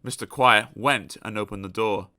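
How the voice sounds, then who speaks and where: A man narrating a children's storybook aloud in an expressive, animated storytelling manner. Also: lowish voice, moderate pace, no echo, studio quality. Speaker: audiobook narrator.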